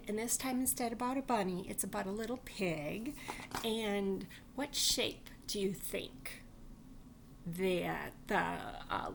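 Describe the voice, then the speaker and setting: A woman reading a picture book aloud to children, animated and asking them questions. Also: medium pitch, gravelly, a little hiss or hum. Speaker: library read-aloud reader.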